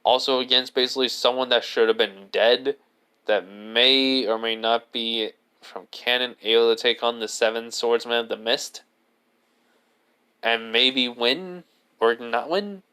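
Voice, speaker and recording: A man narrates an improvised fan-fiction tale in a smooth, clear voice of average pitch. He rambles, constantly restarting and padding his lines with filler words. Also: unhurried, pushed and bright. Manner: rambling, leans heavily on "basically" and restarts. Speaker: storyteller.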